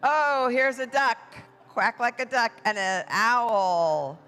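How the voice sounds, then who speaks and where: Brief: bright, unhurried family-parade emcee, playful drawn-out calls, reverberant church hall with music under. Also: mid-range voice, clean tone. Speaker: parade announcer. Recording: echoey hall with music behind.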